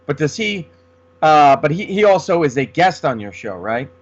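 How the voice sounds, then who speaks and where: Male co-host, rambling casual sports talk, higher voice, dull lo-fi recording. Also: very animated, normal speed. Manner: rambling, many restarts. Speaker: podcast co-host. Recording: dull lo-fi sound.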